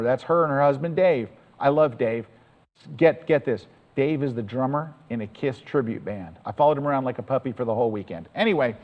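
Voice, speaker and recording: Guy presenting to a crowd, excited and chatty, lots of long reverb. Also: medium pitch, muffled recording. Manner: enthusiastic, chatty, emphatic. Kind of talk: storytelling talk to an audience.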